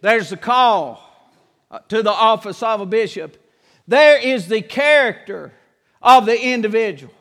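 A man's voice: extremely high pitch, pushed and bright. A man preaching a sermon in a church, impassioned and repetitive, acting out Bible scenes. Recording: long reverb of a church hall.

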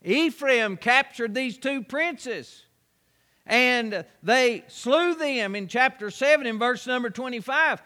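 A man's voice: very high voice, lively intonation, slow, bright, forceful tone, in a large hall. A man preaching a sermon, building his points through repetition and rhetorical questions.

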